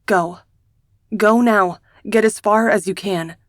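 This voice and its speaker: A protective young mage brother pleads softly and urgently in this audiobook scene, read by a woman narrator. His voice is mid-pitched and even, recorded close and dry with no room sound. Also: slow pace, no room sound, natural voice. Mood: tender urging.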